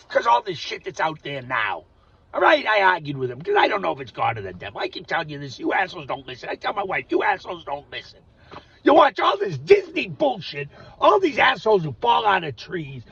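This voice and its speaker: A raspy older man rants to camera, cursing freely and swinging between shouts and mutters. His voice sits high and bright with a gravelly edge. The lo-fi recording is dull and picked up from a distance. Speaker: vlogger. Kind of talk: ranting monologue to camera.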